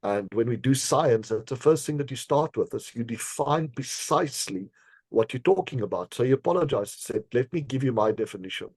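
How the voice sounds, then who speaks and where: A man being interviewed on a podcast, telling a personal story in an earnest, measured way, with frequent fillers and small laughs. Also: medium pitch, lively intonation, husky, no echo. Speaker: podcast guest, decision scientist.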